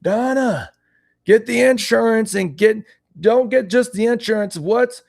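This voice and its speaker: Man doing a doddering old man on the phone, pitched up high, flustered and calling offscreen. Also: measured pace, vocal fry, a little mellow, dry recording, clean studio sound, exaggerated voice. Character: doddering older man stalling a phone caller.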